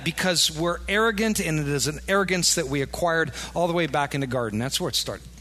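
A man's voice: sits high, a little fast, few pauses, bright, forceful tone, soft background music. A man preaching a sermon in a casual, conversational way, often acting out the imagined inner voices of his listeners. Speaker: pastor. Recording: long hall reverb.

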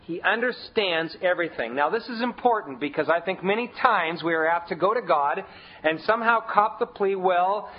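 A man preaching a sermon in a conversational way, leaning hard on key words with big shifts in pitch and volume. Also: expressive, fairly quick, muffled recording, slight background noise. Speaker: pastor.

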